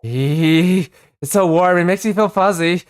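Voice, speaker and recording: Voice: medium pitch, measured pace, clear, resonant tone, lightly acted. A reader voicing a timid young girl who gushes with wonder over simple treats, while reading a game story aloud. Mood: delighted. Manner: gushing, breathless wonder over small treats.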